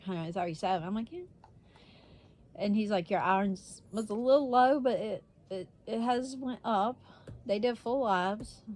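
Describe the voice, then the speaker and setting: A woman's voice: medium pitch, a little mellow. A woman vlogger telling a story in a casual, blunt way, swearing freely and laughing often.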